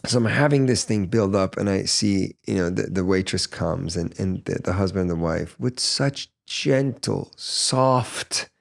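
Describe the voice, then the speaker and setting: A man's voice: low-pitched, measured pace, creaky, few pauses. A man hosting a podcast, telling a story in casual chat, earnest and stumbling over repeated words. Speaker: podcast host.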